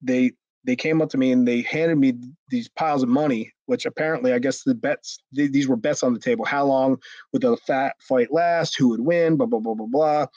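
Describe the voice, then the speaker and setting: A man, a former wrestler, telling a story in a casual interview, animated and profane, acting out what others said. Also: mid-range voice, normal speed, no room sound, lo-fi sound. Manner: animated, acts out quotes with raised voice, frequent restarts and swearing.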